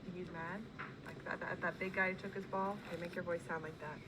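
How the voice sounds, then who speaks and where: A woman's voice: lowish voice, level tone, fast, background noise. A woman teacher in a one-on-one reading conference with a child, patient and encouraging, prompting with questions.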